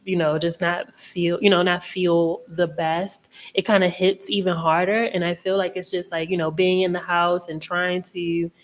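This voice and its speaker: A woman hosting a live tarot chat, talking casually in a rambling way, laughing often and swearing freely. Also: on the low side. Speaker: host and tarot reader.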